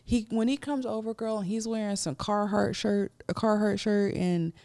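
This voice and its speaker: This woman talks in a loose, unfiltered chat, blunt and animated as she tells a story. Her voice sits at an ordinary middle pitch for a woman, and laughs keep breaking into her talk. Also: moderate pace. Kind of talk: casual chat.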